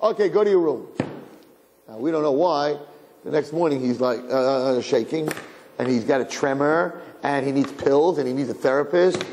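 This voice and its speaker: A man, a rabbi, giving a conversational sermon as an animated storyteller who acts out voices. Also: mid-range voice, normal speed. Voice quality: gravelly. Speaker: rabbi lecturing. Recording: reverberant hall, faint background noise.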